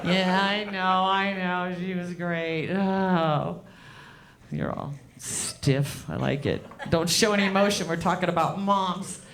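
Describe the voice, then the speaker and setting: A woman performing a stand-up comedy set, deadpan and profane, riffing with the crowd from a club stage. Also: fairly low pitch, measured pace, hardly any pauses.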